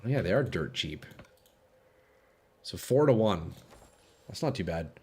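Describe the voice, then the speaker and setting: Male streamer, young adult, animated pitch, foul-mouthed live chat. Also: a little slow, slightly rough. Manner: swears a lot, laughs and rambles to chat. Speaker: game streamer. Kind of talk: live gameplay chat with viewers.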